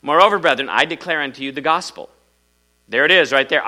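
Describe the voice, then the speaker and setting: A man preaching a sermon as pastor, swinging between loud emphatic bursts and quiet asides, acting out small quoted voices in his stories. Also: fairly high pitch, lively intonation, fast talker. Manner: acts out little quoted voices in his story.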